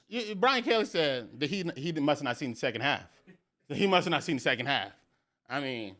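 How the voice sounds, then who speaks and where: A young man hosting a sports podcast, talking in an excited, slangy way and repeating phrases for emphasis. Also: a little high, moderate pace. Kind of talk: excited casual sports talk.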